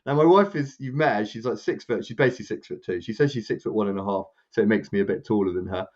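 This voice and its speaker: In a muffled recording, a man who co-hosts a podcast talks fast through a loose, casual anecdote. He is animated and rambling, raising his pitch whenever he quotes someone else.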